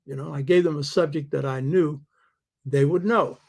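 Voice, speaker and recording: A man's voice: a little high, steady tone, normal speed, creaky, darkish tone. A man hosting a show, giving an emphatic lecturing monologue and throwing rhetorical questions at his listeners. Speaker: host.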